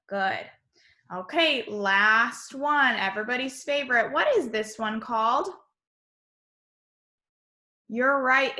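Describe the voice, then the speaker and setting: Slow, bright-voiced teacher lady. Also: sits high. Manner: slow, sing-song, encouraging teacher talk. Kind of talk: online lesson for young children.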